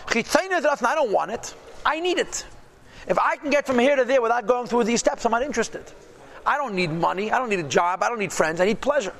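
A man with a high voice teaches a religious text, reading each phrase and translating it. He keeps checking in with "yeah?" and "right?" and answers his own rhetorical questions. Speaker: Torah teacher. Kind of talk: text-based religious class.

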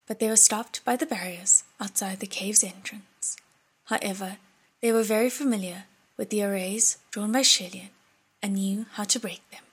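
A woman narrating an audiobook in a soft, breathy voice. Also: medium pitch. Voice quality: breathy, husky.

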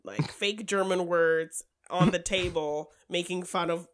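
This is a woman with a slightly low voice, talking in a loose, chatty way about movies. She laughs easily and keeps slipping into quick impressions of the characters she describes. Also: steady tone. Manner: chatty, giggly, acts out characters' lines. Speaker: podcast co-host. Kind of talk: casual film discussion.

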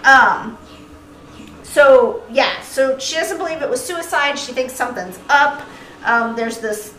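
A woman co-hosting a podcast, chatting and recapping a movie in an animated way, swearing freely. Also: high-pitched, slow, reverberant, slight background noise, low-quality recording. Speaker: podcast co-host. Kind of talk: casual movie recap chat.

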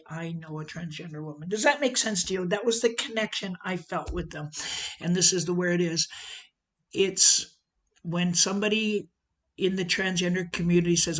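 A middle-aged woman from the United States talking casually to a group, telling personal stories with lots of fillers and asides. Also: lowish voice. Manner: animated storytelling, many fillers and asides. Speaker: guest speaker. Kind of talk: casual talk to an audience.

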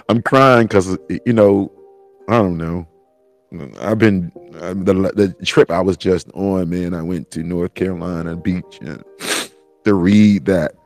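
A man's voice: low-pitched, slow pace, pauses often, darkish tone, faint music behind. A man crying while rambling through a profane personal monologue on his own show, breaking into laughs. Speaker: podcast host.

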